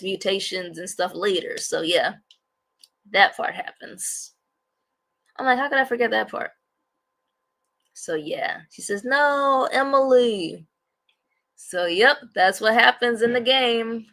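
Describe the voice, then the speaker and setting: A woman's voice: fairly low pitch, gravelly, fairly bright tone. A woman hosting a casual livestream, rambling and repeating herself as she talks to viewers. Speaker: livestream host.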